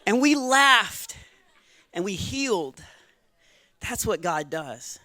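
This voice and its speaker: A middle-aged man doing stand-up comedy on a church stage, shifting between earnest testimony and playful jokes, with quick asides and laughs at his own lines. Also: high-pitched, very animated, pushed and bright, dry recording. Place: church stage before a live audience.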